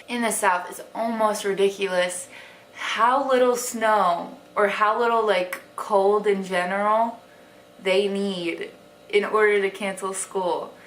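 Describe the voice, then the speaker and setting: A woman's voice: mid-range voice, fairly bright tone. Chatty young woman with a light Wisconsin accent. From Wisconsin, USA. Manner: chatty, heavy use of "like" fillers. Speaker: vlogger. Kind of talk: casual vlog talk to camera. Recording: echoey room with faint hiss.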